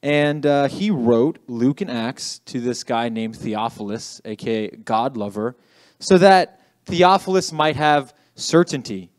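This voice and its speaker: A man's voice: medium pitch, unhurried, no room sound, clean studio sound. A young adult man giving a casual youth sermon as youth pastor, chatty and self-deprecating, often checking in with "okay?". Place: church youth room.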